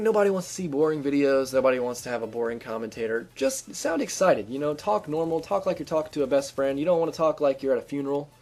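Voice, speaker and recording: A man talks over his own gameplay as a gaming channel host, his voice sitting a little high. He is upbeat and chatty, stumbling through restarts and filler words as he gives tips. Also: a little mellow. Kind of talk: casual gameplay commentary.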